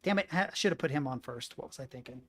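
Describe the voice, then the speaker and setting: A woman streamer chatting casually to her viewers, swearing and excitable, muttering between outbursts. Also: rumbling low, quick pace. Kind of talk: casual live-stream chat.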